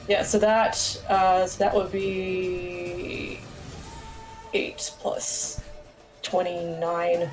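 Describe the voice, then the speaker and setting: Player, woman, slow, hesitant, hoarse from losing her voice. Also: fairly low pitch, darkish tone, poor audio. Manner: hesitant, full of fillers and laughs. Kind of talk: casual tabletop game play.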